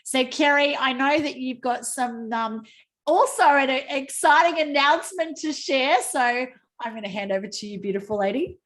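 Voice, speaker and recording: A woman's voice: sits high, moderate pace, a bit bright. A woman hosting a team video call, talking in a bubbly, effusive way and laughing often. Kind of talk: casual video call presentation.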